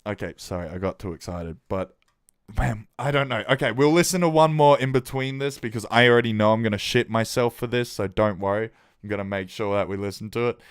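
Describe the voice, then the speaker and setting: A man hosting a casual livestream, reacting with excitement to listeners' tracks, swearing often and giving shout-outs. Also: on the low side, fairly quick, smooth, dry recording, studio quality.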